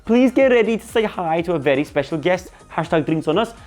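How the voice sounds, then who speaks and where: An excitable young woman islander with a Birmingham accent, put on by a man. Her voice jumps well above the reader's own into a shrill announcing tone, lively and loud. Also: brisk, faint music behind.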